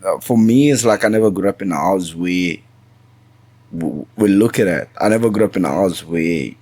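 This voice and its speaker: A man's voice: low-pitched, moderate pace, darkish tone, dry recording. A man talking as a podcast guest in a casual chat, earnest, often stammering and restarting his sentences.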